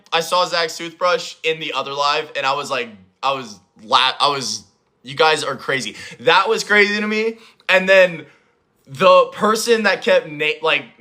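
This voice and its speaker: A young man hosting a livestream, chatting casually and rambling as he answers chat comments, his voice a little hoarse. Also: on the high side, bright, forceful tone. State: hoarse, voice recovering. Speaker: livestream host.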